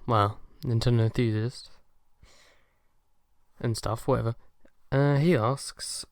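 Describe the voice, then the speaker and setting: A man's voice: medium pitch, lively intonation, takes it slowly. A young man answering fan questions in a casual chat, hesitant and self-deprecating, with lots of ums and uhs. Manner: soft-spoken and shy.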